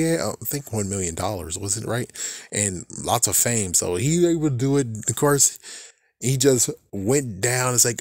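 A man rambling through a casual book review, slangy and quick to laugh, with exaggerated asides. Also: mid-range voice, animated, darkish tone, no echo, clean studio sound.

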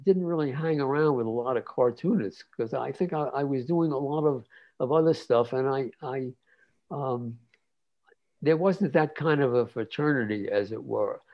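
Gravelly old man telling stories. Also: mid-range voice, moderate pace. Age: 90s. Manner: rambling, many fillers and restarts, laughs often. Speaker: guest cartoonist. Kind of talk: relaxed interview storytelling. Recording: dull lo-fi sound.

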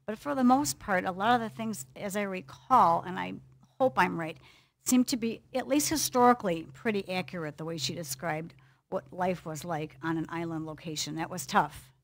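An older woman, an author and lecturer, answering audience questions in a chatty, animated way. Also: on the low side, normal speed. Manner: chatty, animated, laughs between points. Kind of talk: casual Q&A talk.

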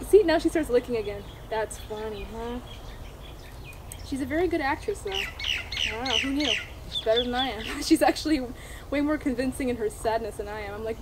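Her voice sits on the high side, animated and at a moderate pace, as she vlogs outside with her horse. She speaks playfully to it and to viewers in casual talk, giggling between lines, recorded by a camera mic a few steps away amid a noisy background.

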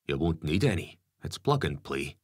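A man's voice: rumbling low, very animated, moderate pace, no echo, clean studio sound, full character voice. A man playing a practical electrical engineer who explains things in a matter-of-fact way.

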